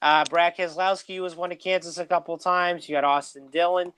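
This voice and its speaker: Man, podcast co-host, slightly high voice, dry close sound, list-reading. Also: flat delivery, fast, fairly bright tone, smooth, dry recording. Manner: reads off lists with frequent "uh" fillers. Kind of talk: casual sports podcast chat.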